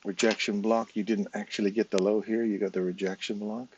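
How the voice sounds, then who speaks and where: A man's voice: fairly low pitch, level tone, brisk, darkish tone, a little hiss or hum, low-quality recording. An English man with a casual, chatty manner, talking viewers through a trading chart live, step by step. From England. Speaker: trading educator.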